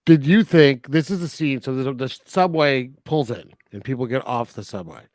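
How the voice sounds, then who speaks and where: A man's voice: medium pitch, animated, normal speed, a little mellow, no echo. A man with a mid-range voice recaps film scenes in a loose, conversational way. The recording is dry and close. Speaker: podcast co-host. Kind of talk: casual film review chat.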